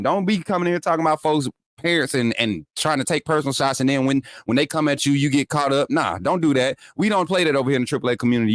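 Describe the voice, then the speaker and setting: A man's voice: a little high, no room sound, clean studio sound. A man hosting a call-in sports show, trash-talking rivals and scolding his chat with laughter. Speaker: show host. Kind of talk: casual call-in sports talk.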